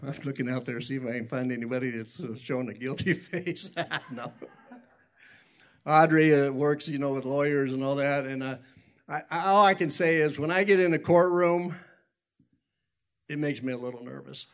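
A man's voice: mid-range voice, normal speed. A man preaching a sermon in a folksy, rambling storytelling way, often correcting himself and chuckling. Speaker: pastor.

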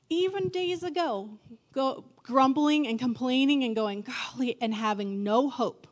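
A middle-aged woman pastor giving a sermon in a candid, conversational way, with quick self-deprecating asides. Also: on the high side.

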